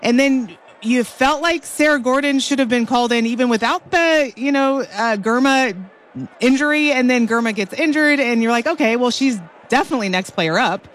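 A woman's voice: on the high side, normal speed. A woman co-hosting halftime radio analysis from a stadium booth, conversational and thinking aloud. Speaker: radio co-host.

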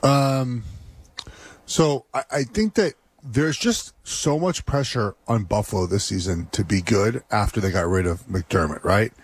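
A man's voice: medium pitch, breathy edge, no room sound. A man analyzing football on a radio show, hesitant and filler-heavy, often tagging a rhetorical "right?". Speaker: former NFL player analyst. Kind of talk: sports talk analysis.

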